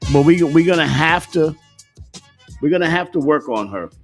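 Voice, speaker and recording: A man's voice: on the high side, animated, normal speed, faint music behind. Laughing, profane male stream host. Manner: joking, laughs often, profane slang. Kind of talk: casual livestream chat.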